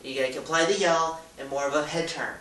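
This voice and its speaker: A bright-voiced man rambles goofily through a casual how-to vlog, bursting into loud demonstrations. He sits back from the mic in an echoey room, with a faint hiss underneath. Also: fairly high pitch, steady tone, fast, recorded from a distance. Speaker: YouTuber.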